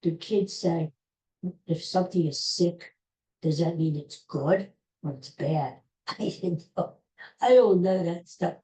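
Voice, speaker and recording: A man's voice: on the high side, slow, dark tone, poor audio. An older man hosting his own podcast, chatting casually in a rambling, opinionated way and often repeating himself. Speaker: podcast host. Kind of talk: casual solo podcast chat.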